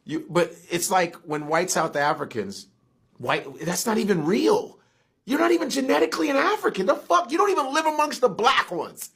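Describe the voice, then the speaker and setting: A man from the United States in heated casual chat. His pitch swings widely and sits a little high, and his voice is husky. He swears freely and keeps pressing rhetorical questions. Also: normal speed. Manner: animated, profane, rhetorical questions.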